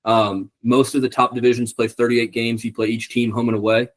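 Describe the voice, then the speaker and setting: The voice is a young man's, medium in pitch with little pitch movement, and his delivery is brisk. As a podcast co-host in casual conversation, he rambles, swears freely, and leans on lots of ums.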